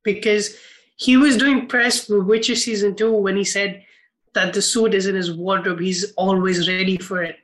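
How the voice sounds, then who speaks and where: A man's voice: high-pitched, fairly even intonation, moderate pace, fairly bright tone, poor audio. A man co-hosting a film podcast, casual and heated, swearing and rambling with many restarts. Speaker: podcast co-host.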